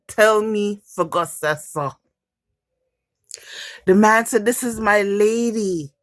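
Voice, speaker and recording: A woman's voice: medium pitch, slow, pauses often. A woman with a Jamaican accent chatting casually to her camera, a rambling storyteller who swears often. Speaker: vlogger.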